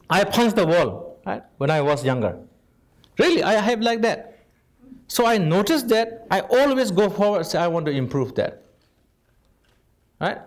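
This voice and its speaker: A man with non-native English giving an informal Buddhist teaching, lively and direct, checking in often with the audience. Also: on the high side. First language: Tibetan. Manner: animated, asks "right?" constantly, non-native phrasing. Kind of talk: informal dharma talk.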